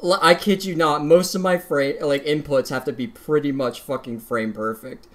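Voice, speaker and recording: A woman's voice: deep voice, fairly even intonation, moderate pace. A woman gamer who swears constantly, tearful and laughing with joy as she talks about her result. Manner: heavy swearing, breathless and laughing through tears. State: crying with joy. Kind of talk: excited casual vlog.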